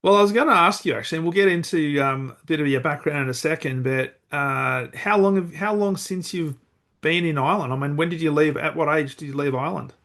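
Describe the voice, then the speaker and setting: A man hosting a podcast, interviewing a guest in an upbeat, energetic way. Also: on the high side, a little fast. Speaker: podcast host.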